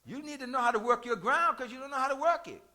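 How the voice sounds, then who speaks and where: A man delivers a sermon in a high, forceful voice. He works in call-and-response, hammers each point by repeating it, and climbs to shouts when he drives a point home. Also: animated, fast. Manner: rises to shouts at key points. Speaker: preacher.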